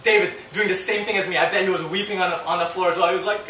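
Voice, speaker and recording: A man preaches with a bright, forceful edge to his voice, telling an emotional story in broken, restarting phrases. He sounds somewhat distant from the mic, his voice ringing through a reverberant hall with faint room ambience. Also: high voice, fairly even intonation, fast, hardly any pauses, a little hiss or hum. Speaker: pastor. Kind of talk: sermon. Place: church hall.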